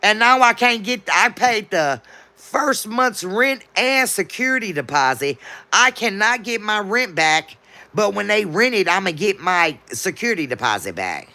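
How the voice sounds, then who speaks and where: A woman's voice: medium pitch, big pitch swings, a little slow, bright, forceful tone. A woman livestreaming, chatting casually and answering her viewers' comments as they come in.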